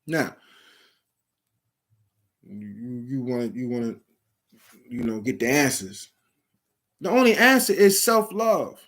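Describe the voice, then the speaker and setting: A man's voice: medium pitch, animated, takes it slowly, pauses often, a bit bright. A middle-aged man giving blunt, profane advice to young people in the streets, speaking emphatically in a preachy street manner. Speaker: vlogger giving advice to at-risk youth. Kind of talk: blunt motivational talk to camera.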